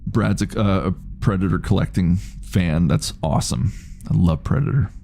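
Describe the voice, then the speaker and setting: Late 30s dude streaming games, low gravelly voice, kinda dark, rambles n swears, reads chat. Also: male voice, normal speed, slight background noise. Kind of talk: casual live-stream chat.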